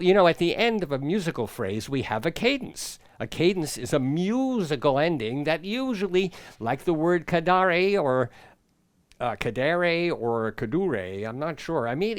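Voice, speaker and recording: A man's voice: fairly high pitch, no room sound. A man teaching a playful children's music lesson at his keyboard at home, with exaggerated rising and falling inflection.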